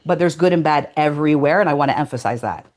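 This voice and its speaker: A woman's voice: low voice, quick pace, darkish tone. A woman answering interview questions in a hesitant way, with many fillers and restarts. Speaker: interview guest.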